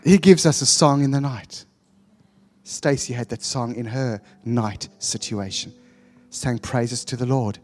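A man's voice: medium pitch, a little slow, darkish tone. A man preaching as a pastor, encouraging and exhorting the congregation. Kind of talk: sermon. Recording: long hall reverb with faint music.

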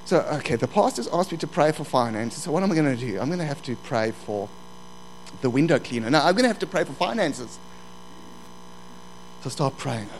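A man's voice: fairly high pitch, lively intonation, moderate pace, pauses often, a little hiss or hum, low-quality recording. A man preaching a sermon, telling a personal story and quoting scripture emphatically.

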